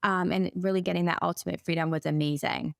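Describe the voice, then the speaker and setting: Animated woman telling her story. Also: on the low side, fast talker, gravelly, dry recording, clean studio sound. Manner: animated storyteller who acts out her own past words. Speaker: guest, business coach for therapists. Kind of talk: casual podcast interview.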